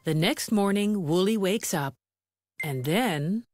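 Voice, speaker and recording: A woman narrating a children's storybook in a slow, gentle, clearly paced reading. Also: mid-range voice, lively intonation. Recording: loud music behind the voice.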